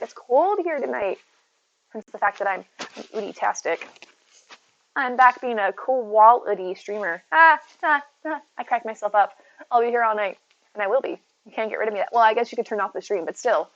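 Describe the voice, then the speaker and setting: A woman's voice: mid-range voice, lo-fi sound, a little hiss or hum. A woman streaming from home, chatting casually, greeting viewers by name and talking to her cat. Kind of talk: casual live-stream chat. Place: at home near her bed.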